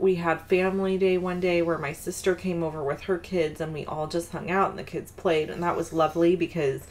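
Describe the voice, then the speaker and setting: A low-voiced woman, an adult mother of a daughter, hosts a card-making video, talking through her crafting as she shares family stories. Her chatty tutorial rambles, full of fillers, asides and self-deprecating remarks.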